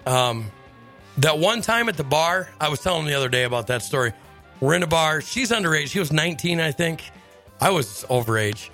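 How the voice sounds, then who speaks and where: A man hosting a radio show, telling stories in a lively casual chat and laughing often. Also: fairly high pitch, brisk, soft background music. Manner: animated storyteller, laughs often. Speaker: radio host.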